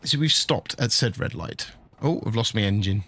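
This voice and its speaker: A man's voice: on the low side, expressive, moderate pace, fairly bright tone, a little hiss or hum. A middle-aged man chatting casually and jokily while streaming a truck-driving game, laughing often and bantering with his chat.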